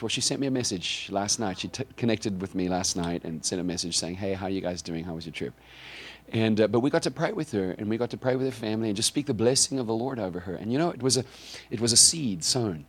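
A South African man, a preacher, telling a story in a sermon, animated and anecdotal, often repeating words as he goes. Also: medium pitch.

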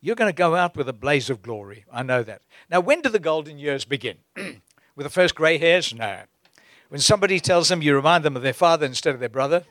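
Male preacher, lively and fairly high-voiced, dry close recording. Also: a little fast, no room sound. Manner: animated, exhorting preaching with chuckles. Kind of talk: sermon.

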